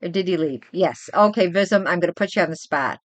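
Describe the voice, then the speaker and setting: An older woman and grandmother hosting a casual livestream chat, rambling and animated as she tells stories from home. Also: fairly low pitch, a little fast, no room sound. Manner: chatty, rambling, animated storytelling. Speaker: livestream host.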